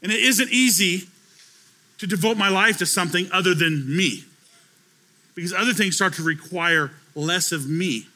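A man's voice: sits high, moderate pace, bright, forceful tone. A man preaching a conversational sermon to his church as pastor, telling stories with acted-out dialogue.

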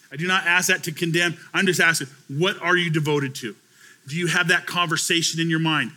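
A man's voice: fairly high pitch, fairly even intonation, quick pace, bright, forceful tone. A man preaching a conversational sermon to his church as pastor, telling stories with acted-out dialogue.

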